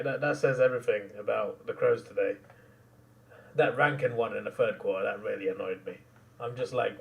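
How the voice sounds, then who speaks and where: A young man reacting live to a football match, excitable and quick to laugh, sometimes trailing off into mumbles. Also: medium pitch, vocal fry, far from the mic.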